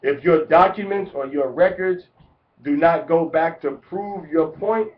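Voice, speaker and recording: A man giving a deliberate religious lecture, repeating words to drive each point home. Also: fairly high pitch. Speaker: religious teacher. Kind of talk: instructional lecture. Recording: echoey, distant, muffled lo-fi.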